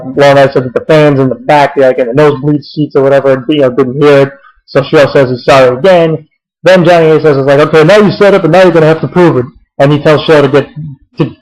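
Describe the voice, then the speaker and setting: A man's voice: mid-range voice, darkish tone, low-quality recording. A young man casually recapping a wrestling show, rambling with many fillers and restarts and swearing freely.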